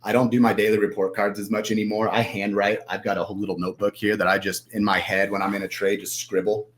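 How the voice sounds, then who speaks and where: Low-voiced man, rambling. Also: flat delivery, fast. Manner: rambling, acts out his own inner voice. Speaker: podcast guest, trader. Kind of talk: casual podcast chat.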